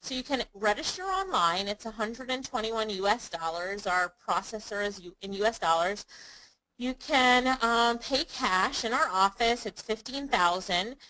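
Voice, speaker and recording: A woman's voice: on the high side, animated, a little slow, pushed and bright, low-quality recording. A woman hosting a live online webinar, upbeat and chatty, calling on viewers by name. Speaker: online business course host.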